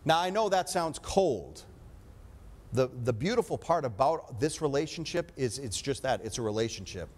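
A man's voice: medium pitch, big pitch swings, normal speed. A man preaching a sermon with emphatic delivery, often calling for an amen.

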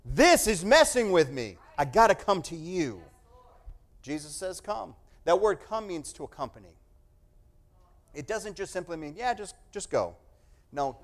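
A man with a high voice preaches a sermon. He swings from hushed asides to loud, emphatic passages. He acts out the voices of the people he quotes. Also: normal speed. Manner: animated, swings from quiet to loud.

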